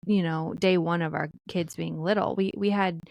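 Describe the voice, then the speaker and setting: A woman's voice: fairly low pitch, steady tone, normal speed, gravelly, darkish tone, no echo. A woman in her thirties co-hosting a casual family podcast, chatting and telling stories about her kids, mimicking what they say. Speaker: podcast co-host.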